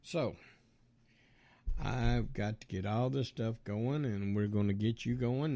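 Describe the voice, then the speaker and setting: A man's voice: lowish voice, fairly even intonation, unhurried, warm tone. A man hosting a podcast, talking in a rambling, folksy way with lots of fillers and asides. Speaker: podcast host. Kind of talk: casual monologue.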